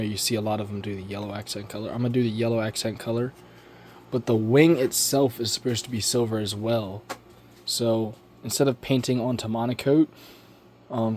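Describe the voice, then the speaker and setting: A man's voice: medium pitch, darkish tone, a little hiss or hum. A man talking through his build in a home workshop, loose and rambling. His delivery is offhand, full of slang and the odd curse. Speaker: hobbyist building a model plane. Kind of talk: casual workshop vlog.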